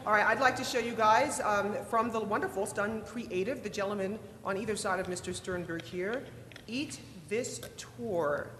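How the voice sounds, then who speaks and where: A woman's voice: medium pitch, fairly even intonation, a little fast, few pauses. Upbeat woman moderating a conference panel. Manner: upbeat, playful, self-described geek. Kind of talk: lively panel presentation. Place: conference hall with audience. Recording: reverberant hall, crowd noise.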